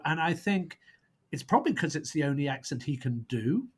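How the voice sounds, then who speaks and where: A man with a fairly high voice talks in a loose, rambling way, often pausing to hunt for the right word. When he lands a point, it comes out blunt and dismissive. He sounds like a guest arguing his side on a podcast. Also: sing-song, husky. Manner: rambling, searches for words, blunt and scornful verdicts. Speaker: guest prosecutor on a film podcast. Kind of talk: casual podcast debate.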